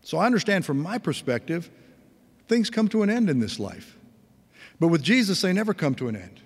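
A man's voice: fairly high pitch, big pitch swings, a little fast, husky, in a large hall. A man preaching a sermon in an earnest, conversational way, with folksy asides. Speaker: pastor.

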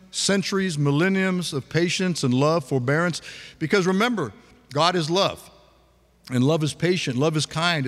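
Man, pastor, conversational sermon, questions to the congregation, slightly higher voice, long hall reverb. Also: a bit bright. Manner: conversational preaching with audience questions.

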